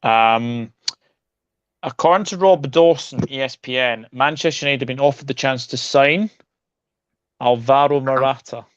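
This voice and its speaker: A man's voice: mid-range voice, moderate pace, no room sound, lo-fi sound. A man hosting a casual football show, chatting and reading out viewer predictions. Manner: relaxed, reads out viewer predictions.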